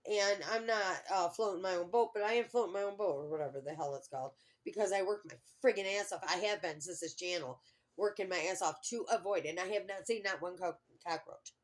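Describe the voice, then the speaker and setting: A middle-aged woman with a fairly low voice, chatting straight to her camera. She rambles in a heartfelt way, drifting off and restarting her thoughts. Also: brisk. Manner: rambling and heartfelt, trails off often. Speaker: vlogger. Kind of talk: casual personal vlog.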